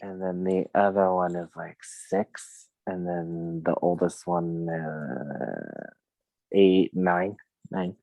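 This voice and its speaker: A man's voice: low-pitched, slow pace, gravelly, dark tone, no echo, highs cut off. A man in a past-life regression session, casually recounting what he sees. He laughs often and acts out the people he quotes. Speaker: regression client.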